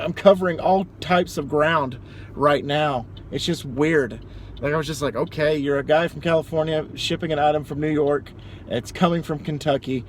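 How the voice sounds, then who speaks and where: Rambling young man ranting over traffic. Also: a little high. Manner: rambling, animated storytelling with mock outbursts. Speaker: vlogger. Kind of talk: casual rant. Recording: background traffic noise. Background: street and car noise.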